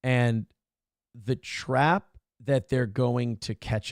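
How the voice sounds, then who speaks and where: A man's voice: mid-range voice, takes it slowly, no echo, studio quality. A man hosting a casual live-stream talk show, reading donations and ranting with mocking impressions. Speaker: host.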